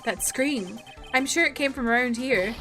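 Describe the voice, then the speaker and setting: A woman voicing a young male defense lawyer, earnest and flustered, reading game dialogue in a lowered voice. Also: normal speed, music in the background.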